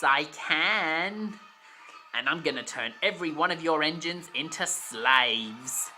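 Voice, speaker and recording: A reader voicing a gloating male demon steam engine villain who talks in a slow, drawn-out, mocking way, in an amateur storybook reading. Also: medium pitch, pushed and bright.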